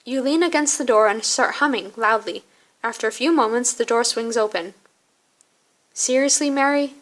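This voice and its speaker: A woman's voice: fairly high pitch, a little fast, fairly bright tone. A woman reading a story game aloud, narrating scenes and voicing her own character's lines. She sounds earnest and conversational, with a voice sitting a little above the usual for a woman.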